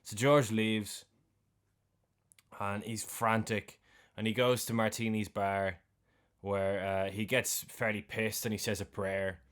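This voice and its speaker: Irish lad on a film podcast, lowish voice, running through the plot all chatty and animated. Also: male voice, slow pace. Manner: retells scenes animatedly with slang and swearing. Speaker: podcast co-host. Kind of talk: casual film recap chat.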